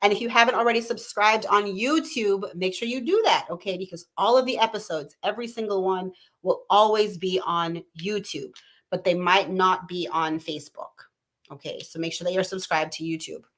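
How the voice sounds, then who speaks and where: A woman's voice: medium pitch, normal speed. A woman in her thirties hosts a live stream from home. She talks in a casual, chatty way, answers viewer comments one by one, and often adds "you know" and "right?". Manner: chatty, warm-hearted, reads viewer comments aloud. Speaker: talk show host.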